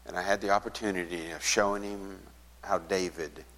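Low-voiced pastor in a reverberant hall. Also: male voice, steady tone, normal speed. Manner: retells a conversation, acting out both sides, softening to a hush at sad moments. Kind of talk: sermon storytelling.

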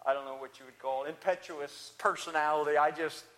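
A man's voice: on the high side, fairly even intonation, a little fast, fairly bright tone, natural voice. A man preaching as the apostle Peter, an impulsive and talkative fisherman, telling his story in the first person with earnest, searching restarts. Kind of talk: first-person dramatic monologue.

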